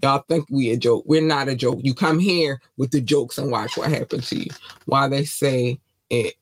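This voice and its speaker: A man with a Baltimore accent, from Baltimore, USA, hosts a podcast at normal speed in a medium-pitched voice, with a little hiss or hum in the background. Passionate and defiant, he repeats his points throughout a casual monologue.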